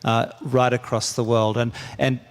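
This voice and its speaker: An older man with a mid-pitched voice speaks earnestly to a conference audience and keeps restarting his words. A long echo trails after him in the big hall. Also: flat delivery, normal speed. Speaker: keynote speaker. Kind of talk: conference speech.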